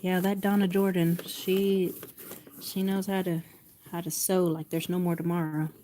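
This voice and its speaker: A woman's voice: fairly low pitch, level tone, normal speed, mellow. A woman talking casually to herself while she sews, chatty and laughing often. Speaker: quilting vlogger. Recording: sewing machine noise behind.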